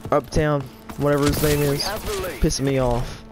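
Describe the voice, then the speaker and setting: A man's voice: a little high, flat delivery, normal speed. Man ranting through gameplay, whiny and rambling, game music under him. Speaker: gaming YouTuber. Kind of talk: live gameplay commentary.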